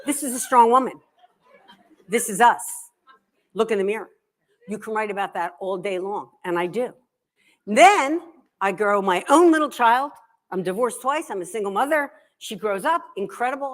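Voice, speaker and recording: A middle-aged woman, a guest author, telling comic stories to a live library audience in an animated, self-deprecating way. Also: medium pitch, moderate pace. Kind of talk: comic storytelling talk.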